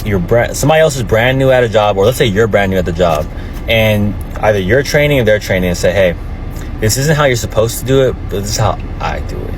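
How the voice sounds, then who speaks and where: A man's voice: on the low side, background noise. A man giving a casual opinion monologue in a conversational, rambling way, recorded outdoors near a street.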